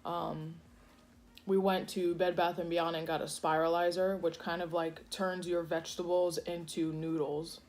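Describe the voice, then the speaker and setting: A woman's voice: lowish voice, flat delivery, a little slow, a little mellow. Chatty woman rambling over a meal. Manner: chatty, rambling, many fillers. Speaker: food vlogger. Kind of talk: casual eating vlog chat. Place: home kitchen.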